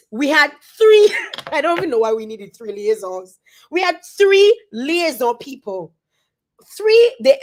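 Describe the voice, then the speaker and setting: Lady vlogging, emphatic and animated, kinda high voice. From Dominica. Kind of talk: casual review vlog.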